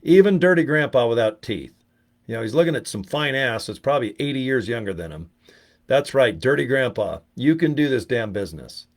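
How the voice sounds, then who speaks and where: A sweary middle-aged man vlogs about network marketing in a casual talking-head chat, rambling profanely through animated stories. His voice is medium in pitch and fairly quick.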